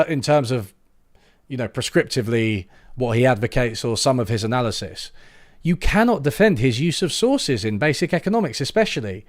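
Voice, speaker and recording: A young man talks casually to a live-stream audience, sarcastic and amused, breaking off into restarts. His voice sits at an ordinary middle pitch. The sound is dry and close, with no room around it. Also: dry recording. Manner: sarcastic, laughing, trailing off into restarts. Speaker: YouTube channel host.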